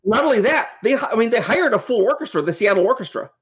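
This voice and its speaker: High-voiced man telling animated stories. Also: fast, highs cut off, a loud crowd. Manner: animated, rambling storyteller who restarts sentences. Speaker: podcast guest, game designer. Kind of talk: casual anecdotal storytelling.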